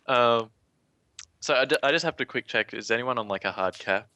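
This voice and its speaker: A man narrating a tabletop role-playing session over a voice call, rambling and searching for words as he describes each scene. His tone is bright and forward. The sound is close and dry, with no room around it. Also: medium pitch, no echo. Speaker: game master.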